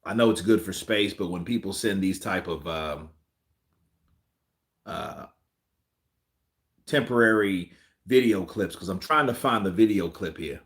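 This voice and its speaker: A man hosting a boxing commentary livestream, ranting excitedly and repeating himself as he thinks aloud. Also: sits low, measured pace, long pauses.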